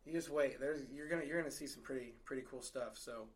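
A man who is a fitness coach, talking in a relaxed, halting way in a casual podcast chat. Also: medium pitch.

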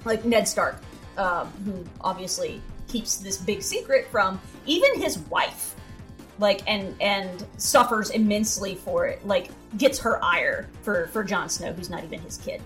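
A woman's voice: medium pitch, expressive, measured pace, a bit bright, faint music behind. A woman co-hosting a casual podcast, talking animatedly with lots of fillers, restarts and laughter. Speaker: podcast co-host. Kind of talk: casual chat.

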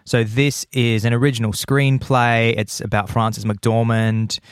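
A man's voice: mid-range voice, level tone, unhurried, clear, resonant tone, dry recording, clean studio sound. A man hosting a podcast in casual chat, enthusiastic and playful, often repeating lines for effect. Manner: enthusiastic, repetitive listing, playful. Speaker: podcast host.

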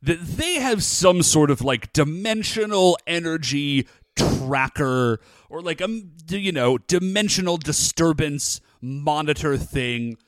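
This co-host's voice is fairly high, and he takes it slowly with few pauses; the studio sound is clean, with no echo. Chatting casually on the podcast, he animatedly recaps a TV episode with plenty of fillers like "like" and "uh."

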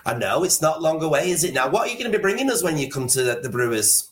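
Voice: mid-range voice, sing-song, fast talker, a bit bright, a little hiss or hum. An interview host chatting cheerfully and enthusiastically with a guest.

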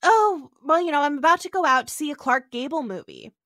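A woman's voice: high-pitched, expressive, brisk, bright, forceful tone, no room sound, studio quality, pitched above the performer's own voice. A woman doing a sweet, earnest 1930s lady.

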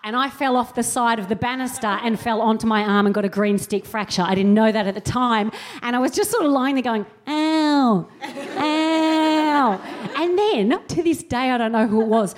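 A woman's voice: a little high, fairly even intonation, fast. A woman around forty, a comedian and co-host, telling a wry, self-mocking comic story to a live audience and acting out quotes in mock voices.

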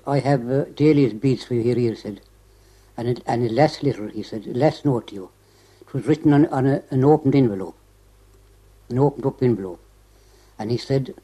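Older man, Irish accent, dark mellow voice, rambling recollection, keeps repeating "he said". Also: medium pitch, rough recording. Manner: rambling, repeats "he said" constantly, restarts phrases. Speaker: interviewee. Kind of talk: oral history recollection.

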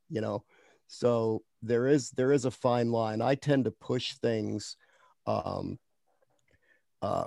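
Man, low gravelly voice, animated pitch, playful, casual chat, dry close sound. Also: no echo. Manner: animated, playful, drawn out with fillers. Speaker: author, podcast guest.

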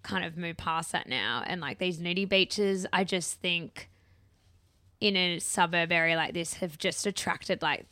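A woman's voice: fairly low pitch, a little slow, bright, forceful tone, no echo, studio quality. A young woman with an Australian accent, casually telling a story as a podcast co-host, chatty and swearing freely.

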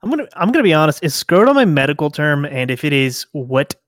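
A man co-hosting a podcast in crude comedic chat, giggly, halting and incredulous. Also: on the high side, very animated, no echo, clean studio sound. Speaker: podcast co-host.

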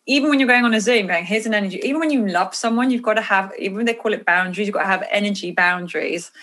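A woman author talking casually about intuition and energy in an earnest, animated way on a podcast. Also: mid-range voice, racing. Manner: earnest, animated, drifts into quoted inner voices.

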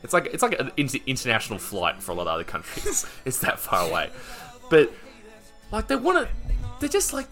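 A young man with an Australian accent, co-hosting a casual podcast chat, animated and swearing freely as he banters. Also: medium pitch, fairly quick, soft background music. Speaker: podcast co-host.

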